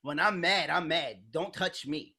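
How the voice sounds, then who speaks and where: A woman's voice: low voice, a little slow, a crowd in the background. A woman hosting a podcast in casual chat, talking bluntly and animatedly, acting out quoted voices and swearing freely. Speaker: podcast host.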